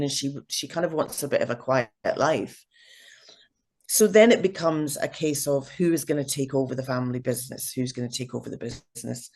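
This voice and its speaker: A middle-aged woman, an actress, chatting as an interview guest, full of fillers and restarts. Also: low-pitched. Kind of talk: casual interview chat.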